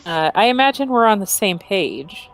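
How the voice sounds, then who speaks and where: A woman co-hosting a let's play, bantering and tossing in quick joking asides. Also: mid-range voice, sing-song, faint music behind. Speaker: co-host, gaming partner. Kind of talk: casual game commentary.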